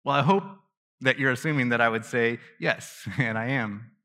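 Speaking at a normal speed with a bright, forceful mid-range voice, a pastor preaches in a relaxed, conversational manner. He jokes at his own expense, laughs often and keeps restarting phrases. The sound carries the long reverb of a large hall.

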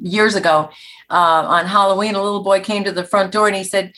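A woman's voice: mid-range voice, fairly even intonation, quick pace, a bit bright. A modest, easygoing woman, a voice actor, chatting as an interview guest. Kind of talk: interview conversation.

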